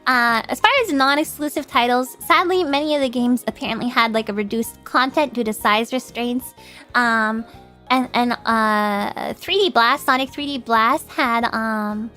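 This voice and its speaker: A woman's voice: on the high side, normal speed, bright, forceful tone, soft background music. Chatty stuffed-up woman streamer. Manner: chatty, laughs often, greets chat by name. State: stuffed-up nose. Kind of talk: casual livestream chat.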